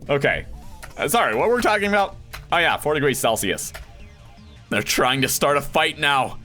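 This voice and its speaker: Animated young man reading a game aloud. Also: a little high, normal speed, faint music behind. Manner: animated, reacting and acting out lines. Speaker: voice actor doing a game playthrough. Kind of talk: reading a visual novel aloud with commentary.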